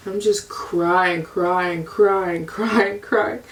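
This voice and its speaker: A young adult American woman vlogs a candid, rambling personal story in a confessional manner, repeating herself often. Her lowish voice is steady, with drawn-out words and hardly any pauses, and she sounds a little distant from the mic.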